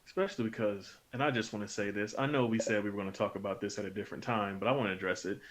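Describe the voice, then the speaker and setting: A man's voice: on the low side, fairly even intonation, very fast. Emphatic male podcast co-host. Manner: emphatic, repeats points for stress. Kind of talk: casual chat.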